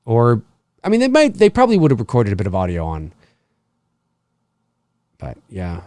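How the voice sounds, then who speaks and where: A man talks through an old film with a friend, his pitch rising and falling freely as he chuckles along. The sound is dry and close, with no room around it. His pace is easygoing and casual. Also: wildly swooping pitch, moderate pace, darkish tone, no echo. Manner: laid-back, chuckles often, reads viewer comments aloud. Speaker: co-host commentating a film. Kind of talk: live movie commentary chat.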